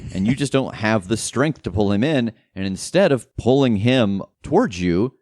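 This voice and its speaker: A man's voice: medium pitch, a little mellow, no echo, clean studio sound. A man narrating as game master of a tabletop role-playing game, often laughing as he describes the action.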